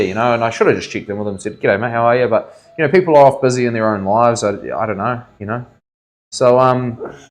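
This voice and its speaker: A young man talks in a rather low voice while he works as a tattoo artist. His chat is loose and rambling, full of "like", "bro" and "eh". He tells stories from his own work in an easy, offhand way. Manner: laid-back, rambling storyteller full of "like", "bro" and "eh". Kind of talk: casual chat.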